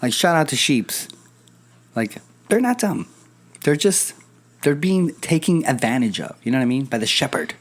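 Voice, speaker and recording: Podcast host, young adult man, animated storyteller, casual and profane. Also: medium pitch, normal speed. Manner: animated storyteller, acts out quoted voices, swears casually. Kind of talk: casual chat.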